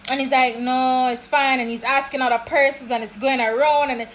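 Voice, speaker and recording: A Jamaican woman vlogging about her travels, telling stories in a chatty, animated way. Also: sits high, a little fast, hardly any pauses, a little hiss or hum. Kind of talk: casual travel vlog chat.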